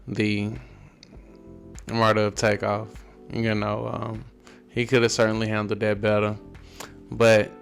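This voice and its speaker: A man hosting a reaction commentary, talking in a laid-back drawl and often ending lines with "man". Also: lowish voice. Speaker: commentary channel host.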